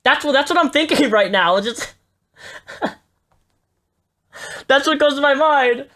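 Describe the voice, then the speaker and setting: A woman's voice: high-pitched, expressive, measured pace, fairly bright tone. A woman giving live reaction commentary, blunt and profane, stammering and repeating herself as she gets worked up.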